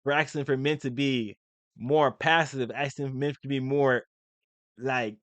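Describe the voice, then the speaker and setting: A man's voice: medium pitch, fairly even intonation, a little slow, fairly bright tone, dry recording. A man giving blunt, opinionated commentary in a casual, rambling way, with frequent restarts. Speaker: commentary video host.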